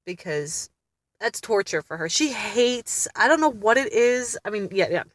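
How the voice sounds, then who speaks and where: A mother vlogging about family therapy chats candidly to camera, blunt and exasperated, laughing often in a casual way. Her medium-pitched voice is animated and a little slow, with no echo.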